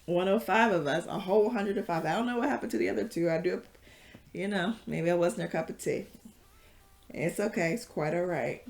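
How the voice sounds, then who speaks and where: A woman's voice: on the low side, fairly quick, gravelly. A woman leading a casual yoga class, chatty and rambling, with many fillers and frequent laughs. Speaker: yoga instructor.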